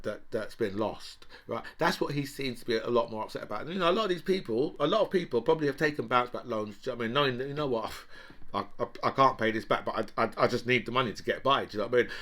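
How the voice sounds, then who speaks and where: A man at a middle pitch runs a solo political commentary. His talk rambles and circles back, exasperated, with repeated tag questions aimed at the listener. It sounds casual and unscripted. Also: fairly bright tone. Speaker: host of a political commentary show.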